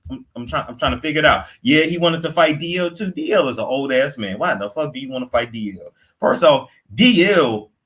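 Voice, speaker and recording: A young man giving casual, profane gossip commentary, animated and quick to react, sometimes slipping into put-on accents. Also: a little high. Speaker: commentary host.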